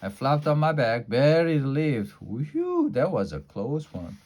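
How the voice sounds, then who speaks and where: A man reading a children's chapter book aloud in a lively storytelling way, now and then stumbling over a word. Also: mid-range voice, moderate pace. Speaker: storybook reader.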